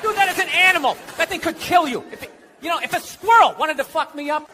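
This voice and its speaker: A man doing a stand-up comedy routine on stage, ranting sarcastically and shouting his punchlines. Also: very high-pitched, lively intonation, fast talker. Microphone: handheld stage mic. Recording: live stage with loud crowd laughter and noise. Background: audience laughing.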